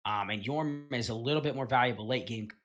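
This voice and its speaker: A man talking through a gaming tier list in a loose, offhand way. He keeps stopping to correct himself and fills gaps with plenty of ums and uhs. He stays relaxed at a middle pitch and drops in the odd swear word. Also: fairly quick, lo-fi sound. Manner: rambling, filler-heavy, self-correcting. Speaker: gaming commentator. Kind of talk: casual tier-list commentary.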